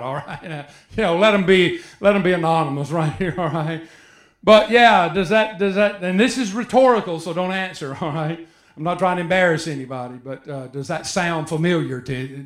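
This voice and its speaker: A man's voice: high voice, a bit bright. A man preaches a sermon. He keeps it conversational and joking, throwing rhetorical questions at his listeners. His voice rings out in an echoey church room. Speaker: pastor.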